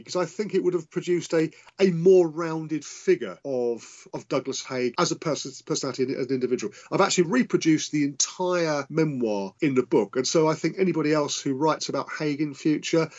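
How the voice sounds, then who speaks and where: Man, historian guest, somewhat high voice, hesitant, many restarts, dull lo-fi sound. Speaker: historian and author, interview guest. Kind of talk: conversational interview answers.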